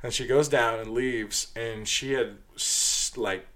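A man's voice: mid-range voice, steady tone, takes it slowly, a bit bright. A man casually telling a long story from his nightlife job, profane and rambling, full of fillers, getting heated as he retells it.

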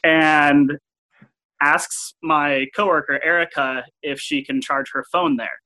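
Easygoing man with a bright voice. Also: a little high, steady tone, low-quality recording. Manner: easygoing, halting, with fillers. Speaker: bartender guest. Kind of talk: casual chat.

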